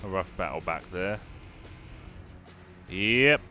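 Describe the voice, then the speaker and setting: A man's voice: low-pitched, animated, slow pace, bright, forceful tone. A young man giving casual, wry commentary while playing a racing game and answering his chat. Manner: chatty, wry, talks to live chat. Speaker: gaming YouTuber. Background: game music and car engines.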